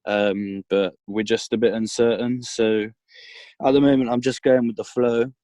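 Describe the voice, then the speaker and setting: A man's voice: medium pitch, steady tone, normal speed, warm tone, no echo. A man from the UK, an artist guest, answering modestly with many hesitations while shivering in a cold parked car. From United Kingdom. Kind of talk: casual interview answers.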